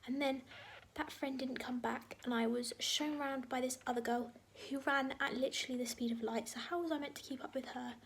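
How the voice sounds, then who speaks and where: A woman's voice: high voice, fairly even intonation, brisk, husky. A young woman chatting casually at home in a rambling vlog, full of "like" and often dropping to a near whisper, filmed on a handheld phone camera. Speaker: vlogger. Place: at home, bedroom.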